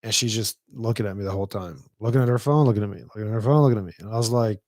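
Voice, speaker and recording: A man's voice: lowish voice, very fast, a little mellow, no echo, studio quality. A young man hosting a podcast, telling rambling stories in casual chat, swearing and acting out what people said. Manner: rambling storyteller, swearing, acts out quotes. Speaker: podcast host.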